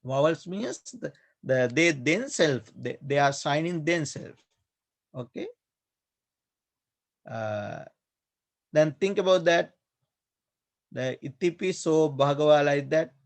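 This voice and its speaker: Slow, gravelly-voiced monk teaching grammar. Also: male voice, a little high, expressive. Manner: slow, repetitive, hesitant with many fillers. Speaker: Pali teacher, Buddhist monk. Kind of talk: online class lecture.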